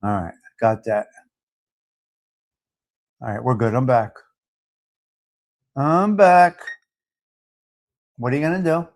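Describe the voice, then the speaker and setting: A man's voice: medium pitch, animated, moderate pace, pauses often, darkish tone. A man hosting a live stream, chatting casually and answering viewer comments in a brash, talkative way. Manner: brash, talkative, mixes in Italian phrases.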